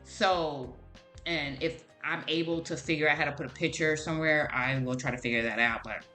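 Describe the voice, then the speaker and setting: A woman with a low yet bright, forceful voice tells a casual story to the camera, calling her viewers "y'all" as she goes. She bursts into animated exclamations, and faint music plays behind her. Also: normal speed. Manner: chatty, talks straight to viewers as "y'all". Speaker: vlogger.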